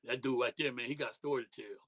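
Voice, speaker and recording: A man's voice: mid-range voice, steady tone, rapid-fire, fairly bright tone. A middle-aged man from Detroit, a podcast guest in casual interview chat, talking loosely in street slang with lots of "you know what I mean".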